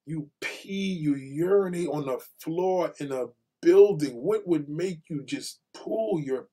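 A man's voice: on the high side, slow, hardly any pauses, warm tone. A man speaking an emotional prayer aloud, pleading and desperate, often repeating his requests.

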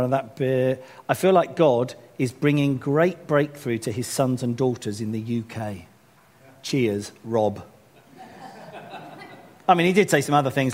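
A man leading a church gathering as pastor, chatting through announcements in a self-deprecating way and growing animated when he urges the congregation on. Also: mid-range voice.

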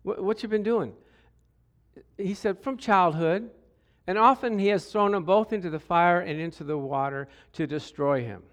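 A man preaching a sermon, acting out quoted voices with humor and animated emphasis. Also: high-pitched, normal speed.

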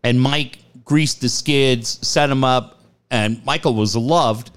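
A man's voice: medium pitch, slow pace, clear, resonant tone. A man hosting a casual radio chat, telling stories animatedly, swearing freely and acting out quotes. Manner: animated storyteller, acts out quotes. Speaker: radio show host.

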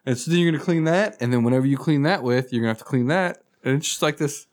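A man's voice: medium pitch, fast talker. Man rambling through crude anecdotes. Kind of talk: casual chat.

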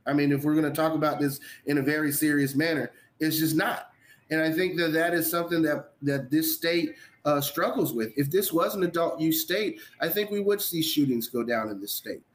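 A man's voice: fairly high pitch, brisk. A man hosting a casual podcast who talks earnestly and repeats words when he stumbles. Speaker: podcast host.

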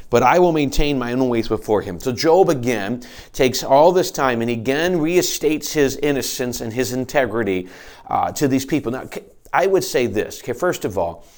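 A man preaching a sermon, earnestly explaining scripture, reading verses aloud and often restarting his phrases. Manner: earnest teaching with quoted scripture and frequent restarts; animated delivery with rises and drops in pitch and volume. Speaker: pastor.

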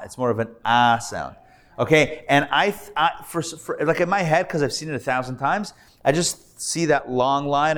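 Upbeat rabbi teaching Hebrew reading. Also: male voice, medium pitch. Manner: upbeat, playful, breaks down sounds slowly. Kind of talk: live classroom teaching. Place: class hall, recorded live.

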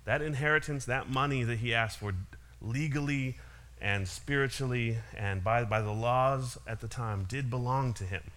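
A man's voice: medium pitch, moderate pace, fairly bright tone. A man giving a casual sermon, retelling a parable with frequent small laughs and restarts. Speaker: preacher.

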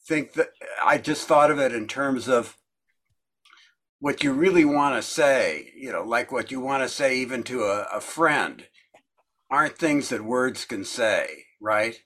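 A man leads a group discussion over a video call, talking casually and rambling with plenty of fillers. His voice sits at a middle pitch, and his tone is easygoing. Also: lively intonation, unhurried, a bit bright. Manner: chatty, rambling, lots of fillers.

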